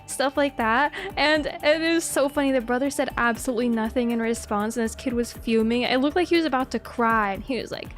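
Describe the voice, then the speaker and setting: A young woman streamer chats casually with a high voice, breaking into giggles again and again and swearing freely. Faint music plays quietly behind her. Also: fairly even intonation, fairly quick.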